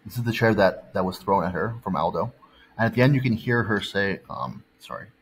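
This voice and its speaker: Brief: low-voiced man, heated profane storyteller, faint hiss behind. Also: animated, fairly quick, poor audio. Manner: profane, heated, repeats "okay" and "right". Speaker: fitness coach. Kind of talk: ranting storytime vlog.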